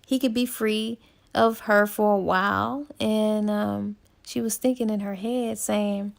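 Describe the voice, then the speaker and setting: Chatty woman with a vocal-fry voice. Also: mid-range voice, steady tone, measured pace. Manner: chatty, laid-back, full of ums and likes, quotes characters in passing. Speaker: book reviewer. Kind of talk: casual retelling of a novel's plot.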